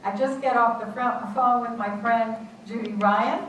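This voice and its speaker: A woman in her eighties performing a one-woman theatre monologue, telling a road-trip story with animated, dramatic delivery. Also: a little high, unhurried. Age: 80s. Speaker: solo stage performer. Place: theatre stage. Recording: roomy distant stage recording, faint noise.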